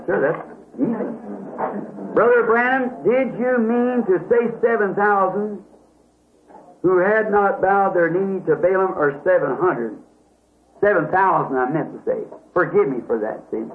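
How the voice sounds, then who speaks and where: A man's voice: high voice, echoey room. A man preaching a question-and-answer sermon in a folksy way, often asking "see?" and correcting himself. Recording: tinny lo-fi old tape with hiss.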